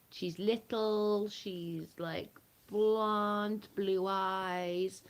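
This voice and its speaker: A woman chatting casually with viewers on a livestream from home. She is blunt and chatty, and she swears freely. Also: fairly low pitch. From United Kingdom.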